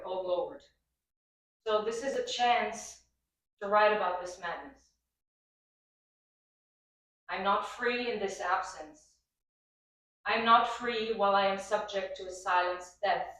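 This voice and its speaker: A woman reading a poem aloud in a steady, solemn way at a benefit event. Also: medium pitch, measured pace, long pauses. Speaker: poetry reader. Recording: echoey hall, mic from far off.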